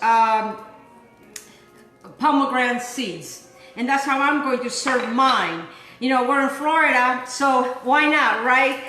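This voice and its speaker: A woman's voice: high-pitched, sharp tone, echoey room, poor audio. A woman hosting a casual cooking demonstration in her kitchen, chatty and rambling, often repeating words as she goes. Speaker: cooking show host.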